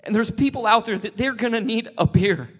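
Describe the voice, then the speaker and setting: A man sharing a personal faith testimony, emotional and tearful, halting with many restarts. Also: high voice, a bit bright, slightly rough.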